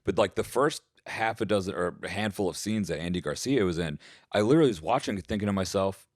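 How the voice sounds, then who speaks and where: Brief: man, very low voice, relaxed podcast chat, dry sound. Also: quick pace, no echo. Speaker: podcast co-host. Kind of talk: casual chat.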